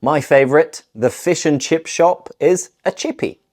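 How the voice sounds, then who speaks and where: A woman from the north of England with a Northern English accent, teaching English phrases in a clear, deliberate way. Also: low voice, a little mellow. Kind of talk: scripted language lesson.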